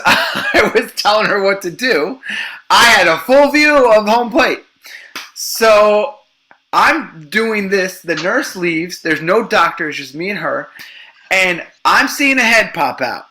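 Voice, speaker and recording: A man telling a story as a guest in a casual podcast chat, animated and profane, acting out what others said. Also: high voice, slow pace.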